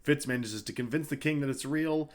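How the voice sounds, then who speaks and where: A man talks through a plot on a podcast in a rambling, offhand way, leaning on filler words as he goes. His pitch sits right in the ordinary middle range for a man. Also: a little fast. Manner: rambling retelling full of uh and like. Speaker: podcast co-host. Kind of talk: casual book discussion.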